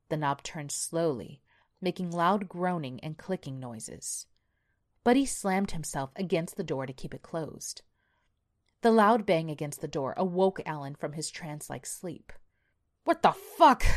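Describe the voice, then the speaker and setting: Woman narrating a horror story, low-set voice. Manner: measured, steady storytelling, drops to near-whisper in tense moments. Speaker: podcast narrator.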